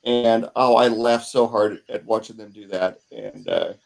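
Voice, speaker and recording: A man hosting a podcast who tells stories casually, rambling with many pauses and restarts. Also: on the low side, huge pitch swings, gravelly, rough recording. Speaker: podcast host. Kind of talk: casual storytelling chat.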